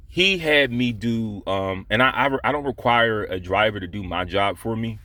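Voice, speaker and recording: A man with a fairly low voice tells a story from his job, blunt and profane, circling back with restarts and fillers. The sound is close and dry, with no room around him. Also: a bit bright, no echo. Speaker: vlogger telling a work story. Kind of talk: casual storytelling vlog.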